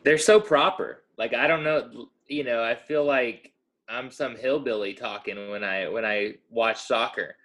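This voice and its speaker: A man's voice: mid-range voice, steady tone, measured pace, sharp tone. An American man co-hosting a podcast, rambling and correcting himself as he chats. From United States. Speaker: podcast co-host. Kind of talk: casual podcast chat.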